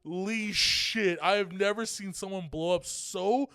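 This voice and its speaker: A man's voice: high voice, measured pace, bright, forceful tone, dry recording, studio quality. A young man from California co-hosting a podcast, telling a rambling, profane story in casual chat. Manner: profane, rambling, laughing as he talks. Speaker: podcast co-host.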